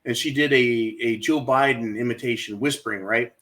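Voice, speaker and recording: A man's voice: medium pitch, normal speed, a bit bright. A man hosting his own channel, delivering a sarcastic political rant and calling out to his audience as folks. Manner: ranting, keeps addressing folks and asking right?; mocking, sarcastic. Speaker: channel host.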